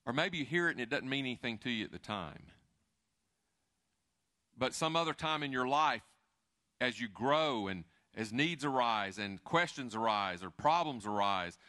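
A middle-aged man preaching a sermon in a conversational, animated way, with asides and restarts. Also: medium pitch, normal speed. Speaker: pastor.

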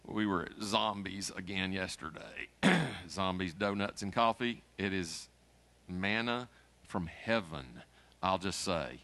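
A middle-aged man preaching a sermon as pastor, folksy and emphatic, mixing jokes with rising, forceful peaks. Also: deep voice, unhurried.

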